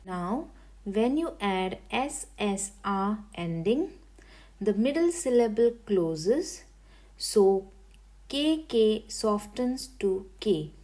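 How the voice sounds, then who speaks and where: Slow, careful woman teaching grammar. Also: mid-range voice, sing-song, warm tone. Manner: careful, syllable-by-syllable explaining. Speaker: language teacher. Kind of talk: slow, deliberate grammar lesson.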